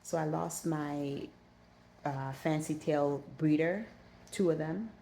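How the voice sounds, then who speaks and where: Woman, vlogger, casual storytelling, low voice, animated, repeats herself, faint background hiss. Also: slow, creaky. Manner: animated, repeats herself when recounting panic. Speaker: aquarium hobbyist vlogger.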